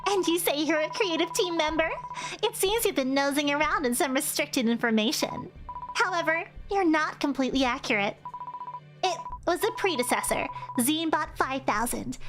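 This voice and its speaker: A woman plays a scheming lady boss from a game, smug and purring with yandere-style menace. The voice sits high and sweet, with game music playing underneath. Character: scheming female corporate boss villain. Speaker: streamer voicing game characters.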